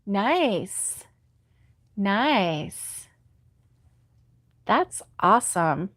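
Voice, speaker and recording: A woman's voice: mid-range voice, sing-song, drawn-out words, fairly bright tone, dry recording, studio quality. A middle-aged woman hosting a crochet livestream, chatting casually and sympathetically with viewers and laughing often. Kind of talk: casual live chat reading viewer comments.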